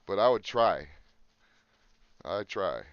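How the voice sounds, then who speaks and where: Chicago-accented co-host, low-voiced, crude and joking; dry close sound. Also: male voice, animated, slow, smooth, no room sound, lo-fi sound. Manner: crude, joking, profane banter. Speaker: podcast co-host. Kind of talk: casual chat.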